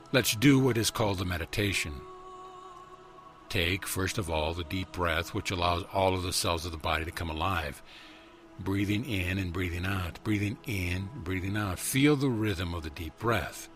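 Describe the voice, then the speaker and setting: A man with a deep, low voice leads a guided meditation. He talks in a slow, measured, soothing way and keeps asking gentle, repeated questions. Soft music plays faintly behind him. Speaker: spiritual teacher.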